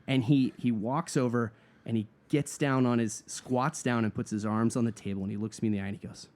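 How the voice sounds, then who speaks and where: A man guest telling a long, comic story in a relaxed podcast chat, acting out what people said and laughing along. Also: mid-range voice, fairly quick. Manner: animated storyteller, acts out quotes, laughs at own story. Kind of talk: casual storytelling.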